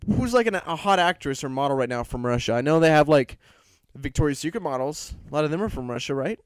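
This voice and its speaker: A young man riffs through a crude comedy podcast with goofy, mock-serious banter. His voice sits a little high and comes through smooth and clear, recorded close and dry. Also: lively intonation, fast, dry recording. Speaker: podcast co-host.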